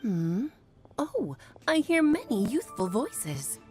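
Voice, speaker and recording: Here is a grand female mage from a video game, with a showy, teasing storyteller's flair. Her voice sits a touch high and moves in lively swoops. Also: takes it slowly, loud music behind the voice.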